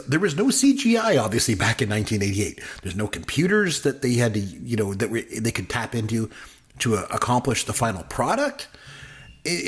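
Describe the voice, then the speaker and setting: A man co-hosting a podcast, chatting casually and enthusiastically about a film, rambling with many fillers. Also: medium pitch. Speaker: podcast co-host, film reviewer. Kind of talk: casual movie review chat.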